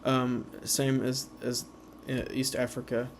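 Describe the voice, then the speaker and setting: A man talks through a slideshow in a level, flat voice, stopping often on uh and um. He slows down to spell out the sounds of example words. A faint hiss of background noise sits under the recording. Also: medium pitch. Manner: halting, many uh and um fillers. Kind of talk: informal slideshow presentation.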